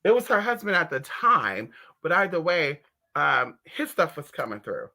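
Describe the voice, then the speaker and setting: A woman reader chatting casually to her viewers from home in a sassy, slangy, animated way. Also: low voice, normal speed, gravelly. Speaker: spiritual reader and streamer. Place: at home indoors.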